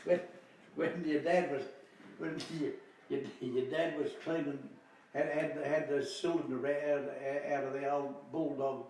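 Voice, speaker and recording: An older Australian man recalling family stories, halting and repeating himself, laughing often. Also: on the high side, fairly even intonation, a little mellow. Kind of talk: casual reminiscing. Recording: distant mic in echoey room, faint hiss.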